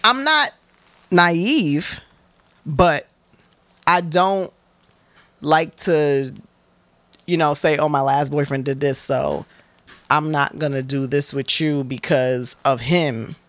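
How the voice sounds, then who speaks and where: A woman's voice: low voice, takes it slowly, long pauses, no room sound. A young woman guest in an interview, speaking candidly and bluntly with profanity, acting out quotes as she tells her stories. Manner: blunt, profane, animated storytelling with acted-out quotes.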